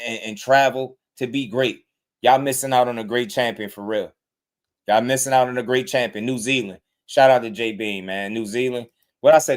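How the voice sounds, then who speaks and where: A man hosting a live boxing talk stream, ranting in a rambling, heated way with many repeated words. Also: mid-range voice. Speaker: boxing talk show host. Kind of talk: casual livestream commentary.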